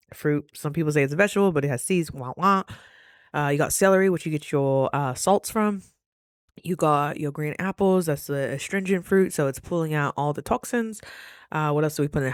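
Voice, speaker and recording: A woman talking casually to her camera, chatty and affectionate, calling her viewers baby and jumping up high when she quotes people. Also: no echo, studio quality. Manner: lively, jumps high for quoted voices. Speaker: vlogger.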